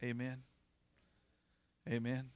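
A man's voice: mid-range voice, monotone, slow, a little mellow, clean tone. A man, preaching in a folksy, earnest way and telling a personal story. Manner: folksy, earnest, repeats words and restarts. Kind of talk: informal storytelling sermon.

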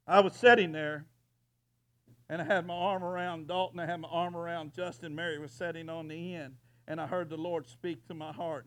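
A man preaching a sermon, moving from quiet storytelling to loud, impassioned preaching. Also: on the high side, steady tone, brisk, no room sound. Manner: builds from quiet storytelling to shouting. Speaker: pastor.

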